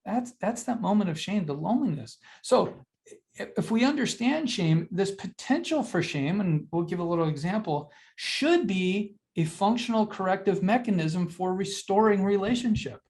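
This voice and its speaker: Older webinar speaker, plain mid-pitched voice, earnest teaching manner, peppers the talk with rhetorical questions. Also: expressive, normal speed, a little mellow. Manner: earnest and conversational, addresses listeners directly. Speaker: webinar presenter on mental health. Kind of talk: educational webinar lecture.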